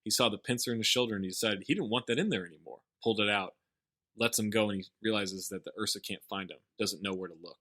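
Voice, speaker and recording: A man's voice: fairly low pitch, quick pace, pushed and bright. A man co-hosting a podcast, casually recapping a movie plot with wry jokes. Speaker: podcast co-host.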